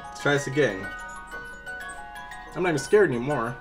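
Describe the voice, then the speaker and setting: A man's voice: mid-range voice, lively intonation, moderate pace, music in the background. A man talking through a toy unboxing to viewers, exasperated and jumpy, breaking into laughter. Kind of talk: casual unboxing commentary.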